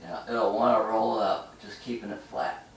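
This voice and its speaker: A man's voice: lowish voice, roomy sound, distant mic, a little hiss or hum, rough recording. Breathless man coaching a stretch. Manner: talks while holding stretches, pausing and breathing hard. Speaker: stretching instructor. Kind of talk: instructional demonstration.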